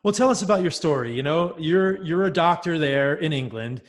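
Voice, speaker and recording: A man's voice: a little high, expressive, moderate pace. A man hosting a podcast, reading an ad and interviewing with enthusiastic, upbeat energy. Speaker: podcast host.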